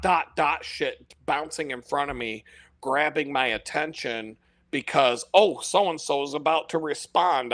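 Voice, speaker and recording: Man, live-stream host, swearing constantly, exasperated, self-mocking, fairly high-pitched, dry sound. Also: fairly bright tone, dry recording. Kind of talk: unscripted ranting monologue.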